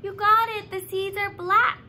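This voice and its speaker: A young woman leading a children's sing-along lesson, talking slowly and encouragingly to little ones. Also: extremely high pitch, flat delivery, pushed and bright. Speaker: early years program leader. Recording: distant mic with faint room noise.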